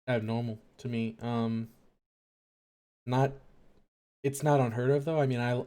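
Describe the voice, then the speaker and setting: A young man talks into a desk mic at home, thinking out loud in a loose, rambling monologue. His voice sits at an ordinary pitch with a dark, mellow tone, and his sentences wander and restart as he muses. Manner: rambling, hesitant, filler-heavy, musing aloud. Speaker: late-night radio-style stream host.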